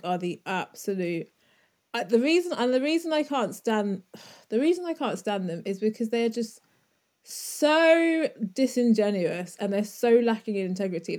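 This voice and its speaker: A woman's voice: mid-range voice, darkish tone. A woman co-hosting a podcast, talking bluntly and with exasperation. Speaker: podcast co-host. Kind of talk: casual opinionated chat.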